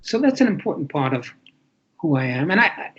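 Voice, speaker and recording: A man's voice: on the high side, big pitch swings, a little fast, slightly rough. A man in his eighties from New York City, an author speaking reflectively in an interview, often repeating words for emphasis. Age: 80s. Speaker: author guest. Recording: lo-fi muffled audio.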